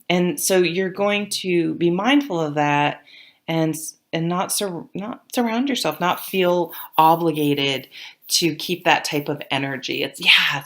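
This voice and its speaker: Gravelly low-voiced woman reading tarot. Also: a bit bright. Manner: rambling, trailing off and restarting sentences. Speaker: tarot reader. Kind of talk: casual tarot reading to camera.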